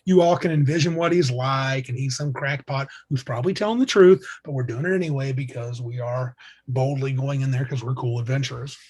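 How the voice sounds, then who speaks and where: A man co-hosting a casual tabletop gaming podcast, reading passages aloud and chiming in with quick agreement. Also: mid-range voice, a little mellow, slightly rough. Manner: reads quotes aloud, agreeable, quick interjections. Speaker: podcast co-host.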